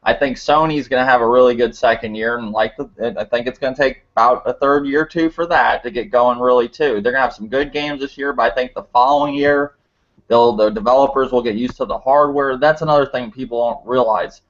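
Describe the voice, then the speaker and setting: A man with a mid-pitched voice rambles through casual podcast chat, leaning on fillers. The recording is muffled and lo-fi. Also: fairly quick, a bit bright. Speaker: podcast co-host. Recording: muffled lo-fi audio.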